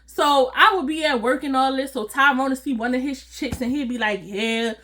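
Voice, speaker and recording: A woman telling a personal story to her viewers in a casual, animated, slangy way, often breaking into laughter. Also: high voice, fairly quick. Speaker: storytime vlogger.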